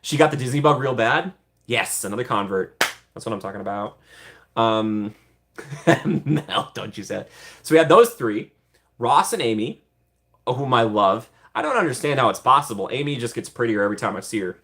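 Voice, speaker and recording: A man's voice: on the low side, lively intonation, normal speed, fairly bright tone. Chatty upbeat young man hosting a livestream. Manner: chatty, upbeat, laughs often, rambling with fillers. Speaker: livestream host. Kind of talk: casual livestream chat with viewers.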